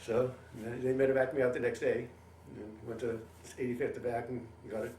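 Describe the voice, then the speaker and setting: An older man, a veteran, telling his war experiences in an oral history interview, lively storytelling that acts out what others said. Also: mid-range voice, brisk. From Canada. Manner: animated storytelling, acts out quoted voices. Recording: roomy, mic at a distance, faint hiss.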